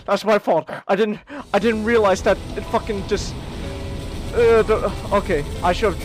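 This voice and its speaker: A high-voiced man hosts a laid-back podcast on a live stream as he games, speaking at a measured pace over soft background music. He's excitable, prone to loud outbursts and stammered restarts.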